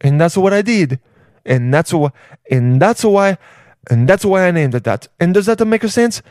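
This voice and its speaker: A man's voice: high voice, expressive, normal speed, a little mellow, dry recording, studio quality, voice pushed up. A man doing a smug, pompous tech billionaire. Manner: pompous, self-satisfied rambling. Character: boastful male tech billionaire, smug showman.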